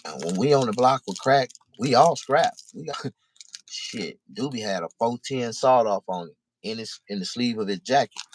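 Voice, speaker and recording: A man telling a personal story in casual, profane speech, halting and repeating himself. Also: medium pitch, animated, slight background noise.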